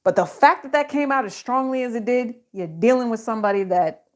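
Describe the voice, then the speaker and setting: A middle-aged woman with a slightly high voice talks her way through a psychic card reading. She rambles in a casual, chatty way, breaking off mid-thought and stacking up fillers as she goes. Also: brisk. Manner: rambling, chatty, frequent fillers and self-interruptions. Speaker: psychic tarot reader. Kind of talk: casual tarot reading monologue.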